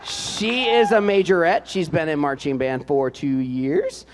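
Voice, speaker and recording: A man announcing at a ceremony and reading aloud, in a relaxed, joking way with frequent hesitant "uh" fillers. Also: a little high, measured pace, big-room sound, a faint crowd. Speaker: announcer introducing band seniors.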